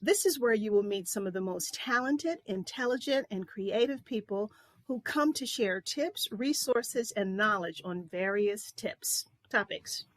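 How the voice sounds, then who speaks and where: A woman's voice: mid-range voice, animated, a little slow, no echo. A woman hosting an interview talk show, chatting casually and asking about her guest's life.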